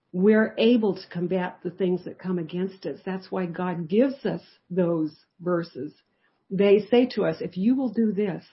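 A woman's voice: mid-range voice, highs cut off. A woman teaching a live Bible study, telling a personal testimony in a conversational, storytelling way. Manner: conversational storytelling, lively shifts in loudness.

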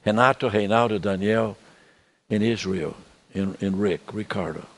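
Older man preaching, halting and soft. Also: fairly low pitch, creaky. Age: 70s. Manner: halting, repeats words, drops to soft tones. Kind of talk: sermon.

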